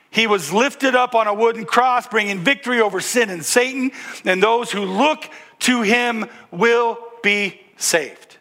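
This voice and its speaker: A man's voice: very high voice, sharp tone. A man preaching a sermon, reading scripture aloud and asking the congregation to answer back. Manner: engaging, asks the congregation to respond; reads scripture aloud with emphasis. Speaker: pastor.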